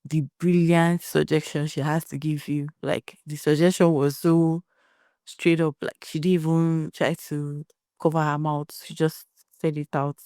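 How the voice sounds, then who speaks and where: A woman's voice: low-pitched, flat delivery, measured pace, warm tone, dry recording, clean studio sound. A young Nigerian woman hosting a solo podcast, giving blunt opinions and telling stories in a conversational way. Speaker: podcast host.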